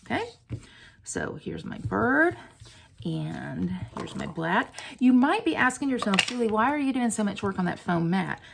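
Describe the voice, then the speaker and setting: Chatty woman with a gravelly edge. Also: mid-range voice, a little slow, noisy background. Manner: chatty and excitable, cooing over her work. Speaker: stamping crafter demonstrating a card. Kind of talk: casual craft tutorial.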